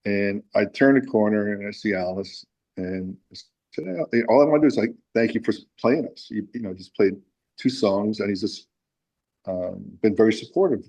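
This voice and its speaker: Male musician guest, lowish voice, rambling animated storyteller with many fillers. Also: normal speed, poor audio. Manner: animated storyteller, acts out quotes with lots of fillers. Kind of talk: casual storytelling interview.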